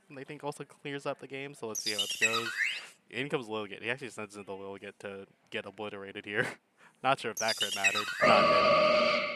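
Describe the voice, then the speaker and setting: A man's voice: on the low side, very noisy. A man giving laid-back, chuckling commentary on a game battle, thinking his plays through aloud. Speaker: gaming commentator.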